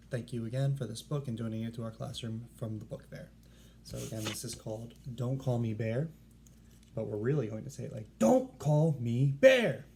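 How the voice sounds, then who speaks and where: Gravelly, encouraging male teacher. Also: medium pitch, warm tone, a little hiss or hum. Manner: encouraging, upbeat. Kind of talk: remote read-aloud lesson for children.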